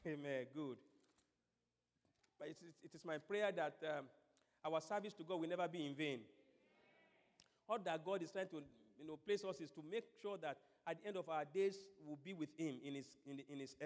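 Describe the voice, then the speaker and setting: A man's voice: on the high side, normal speed, long reverb tail. A man preaching a sermon as pastor, mixing scripture with playful acted-out asides.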